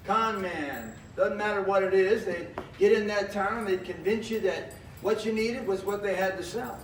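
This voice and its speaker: A fairly high-voiced male magician and variety performer works a live stage show for an audience, chuckling often through jokey, cowboy-flavored folksy showman patter. He talks at a moderate pace with hardly any pauses. He sounds distant from the mic in a roomy, echoing space with faint background noise.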